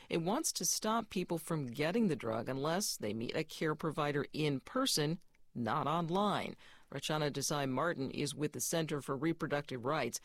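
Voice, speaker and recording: A male newscaster reading the news in a measured, even delivery. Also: fairly high pitch, dry recording, studio quality.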